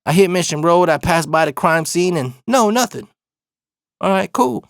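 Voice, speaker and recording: Brief: man from Arizona, slangy, cussing storyteller, slightly high voice, dry close sound. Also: normal speed, vocal fry, dry recording. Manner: profane, slangy, animated retelling. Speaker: storyteller host. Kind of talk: casual storytelling.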